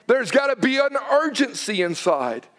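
A man's voice: extremely high pitch, big pitch swings, normal speed, a bit bright. A man, preaching a sermon as pastor and telling stories with quoted dialogue and urgent emphasis.

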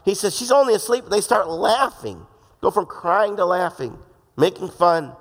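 A man's voice: sits high, expressive, measured pace, a bit bright. A man preaching a sermon in a casual, joking way, acting out the voices he quotes. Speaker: pastor. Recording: long hall reverb.

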